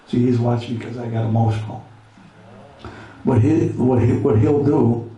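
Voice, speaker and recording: A man's voice: mid-range voice, level tone, normal speed, dark tone, a little hiss or hum. Man from Pennsylvania, rambling veteran storyteller, recorded in a very roomy space. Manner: rambling, repeats words, breaks off to give his dog commands. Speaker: veteran with a service dog. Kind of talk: casual spoken storytelling. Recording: very echoey room, mic far off, faint ambience.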